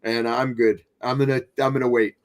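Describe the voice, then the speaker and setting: A man co-hosting a casual gaming podcast, talking in a relaxed, rambling way and often restarting his sentences. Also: mid-range voice, brisk. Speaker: podcast co-host.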